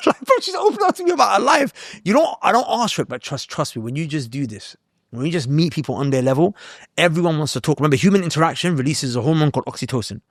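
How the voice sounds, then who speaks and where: A man's voice: on the high side, sing-song, quick pace, no echo, studio quality. A young man, telling stories in a casual, slangy podcast chat and often repeating himself. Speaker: podcast host.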